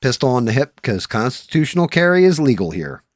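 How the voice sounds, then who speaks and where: A man's voice: medium pitch, very animated, brisk, dry recording, studio quality. A man, telling a profane story in casual chat as a streamer host.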